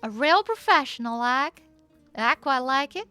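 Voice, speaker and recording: A woman's voice: high-pitched, lively intonation, a little slow, pushed and bright, smooth, dry recording, faint music behind, pitched above the performer's own voice, full character voice. A woman playing a polite, folksy Southern belle in a wild west role-play, with a put-on Southern US accent.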